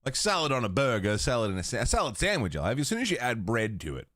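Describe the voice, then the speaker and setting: A man's voice: medium pitch, huge pitch swings, quick pace, fairly bright tone, dry recording, clean studio sound. A man hosting a livestream, chatting casually with his viewers, swearing freely and laughing often. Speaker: livestream host. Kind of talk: casual chat with stream chat.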